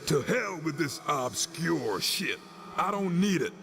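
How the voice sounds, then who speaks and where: A man's voice: a little high, sing-song, slow, creaky, exaggerated voice. An actor playing a tough, impatient male hero in a video game, brash and defiant. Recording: game audio with long reverb and loud noise.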